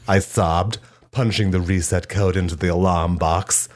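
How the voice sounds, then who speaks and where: Male comic, low voice; deadpan absurd monologue with shrill outbursts. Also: unhurried. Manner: deadpan storytelling with shrill shouted quotes. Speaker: comedian.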